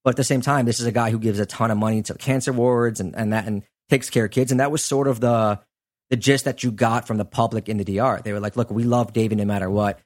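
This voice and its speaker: Guy hosting a podcast, chatty storytelling, mid pitch, lots of "like" and "you know". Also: steady tone, quick pace. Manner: conversational, loose, lots of fillers. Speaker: podcast host; sports journalist. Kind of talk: casual storytelling chat.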